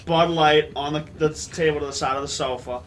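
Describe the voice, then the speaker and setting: A man's voice: fairly high pitch, steady tone, a little fast, slight background noise. A young man, a podcast guest, joking around in crude slang while chatting casually. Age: young adult. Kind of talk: casual chat.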